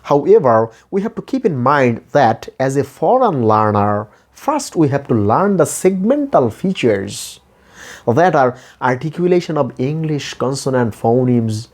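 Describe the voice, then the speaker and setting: Guy lecturing on phonetics, non-native english, slow and careful, lots of swing in pitch. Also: big pitch swings. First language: Bengali. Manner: slow, deliberate lecturing, listing terms one by one. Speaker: English teacher. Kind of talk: lecture on pronunciation.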